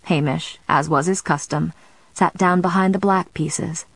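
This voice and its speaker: A woman narrating a novel in a measured, steady storytelling manner. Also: low voice, gravelly, no echo, rough recording. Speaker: audiobook narrator. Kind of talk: scripted narration.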